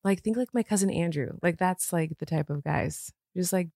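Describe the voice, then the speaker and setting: A woman's voice: lowish voice, moderate pace, creaky, dark tone, no room sound, clean studio sound. A woman co-hosting a podcast from bed at home, chatting casually with lots of "like" fillers and frequent laughter. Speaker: podcast co-host. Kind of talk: casual chat.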